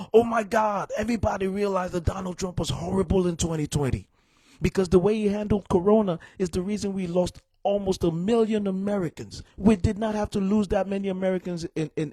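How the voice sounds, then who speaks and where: A man's voice: high voice, dark tone, no room sound. A young man giving a heated, exasperated live stream rant to his viewers, repeating himself and calling them "y'all". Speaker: political commentator streaming live.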